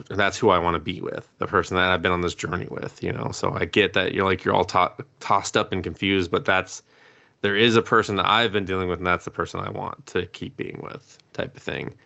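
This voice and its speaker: A man with a low, gravelly voice and a bright, forceful edge tells the story of an episode to his co-host. He swears freely and slips into acted-out quotes as he goes, in a loose, casual podcast chat. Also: lo-fi sound. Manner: profane, animated storytelling, acting out quotes. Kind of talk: casual recap of an anime episode.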